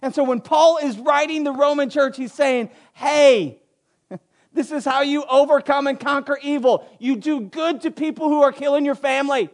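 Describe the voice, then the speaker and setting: A man with a high voice preaches to his congregation in a church sanctuary. He moves from hushed prayer into building, passionate teaching. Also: normal speed. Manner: prays softly, then preaches with rising intensity. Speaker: pastor. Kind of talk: sermon.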